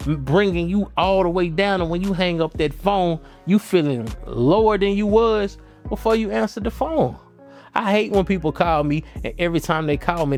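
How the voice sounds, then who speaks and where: A man hosting his own channel, talking casually to camera in a rambling, slangy way with frequent restarts. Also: a little high. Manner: rambling, restarts often, loose slangy talk. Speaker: channel host. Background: faint guitar music.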